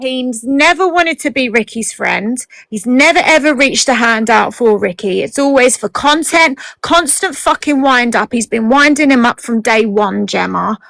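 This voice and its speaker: A blunt woman in a heated argument, swearing and indignant. Her voice is high and sounds dry and close, with no room around it. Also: lively intonation, normal speed, gravelly, few pauses, fairly bright tone, dry recording, poor audio.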